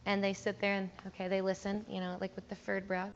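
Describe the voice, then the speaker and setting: A woman's voice: mid-range voice, monotone, quick pace, a little hiss or hum. A young woman, a music teacher giving a casual conference talk, chatty, laughing often and acting out quotes. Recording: dull, lo-fi room recording.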